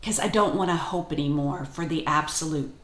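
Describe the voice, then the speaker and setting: A woman's voice: deep voice, a little fast, fairly bright tone. A woman co-hosting a casual faith podcast, speaking thoughtfully and personally. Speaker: podcast co-host. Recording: roomy echo.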